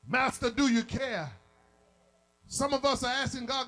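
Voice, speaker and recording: A man preaching a fervent sermon, chanting and shouting to his congregation and calling for amens. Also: extremely high pitch, unhurried, pauses often, faint music behind, low-quality recording. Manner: calls out to the congregation.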